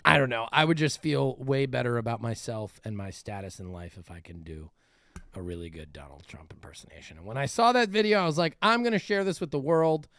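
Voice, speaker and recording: A man hosting a podcast in casual chat, animated and rambling with many restarts. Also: mid-range voice, fairly quick, no echo, studio quality. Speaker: podcast host.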